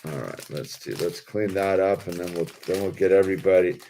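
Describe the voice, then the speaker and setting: A man's voice: sits low, a little fast, mellow, a little hiss or hum. A man hosting a toy-building video in a laid-back, slangy way, saying dude a lot. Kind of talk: casual commentary while building.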